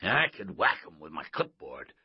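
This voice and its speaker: A man voicing a loud, brusque middle-aged gym coach in a storybook reading, slightly muffled recording. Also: low voice, very animated, normal speed, breathy edge, dry recording, exaggerated voice. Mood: matter-of-fact. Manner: barking, brusque.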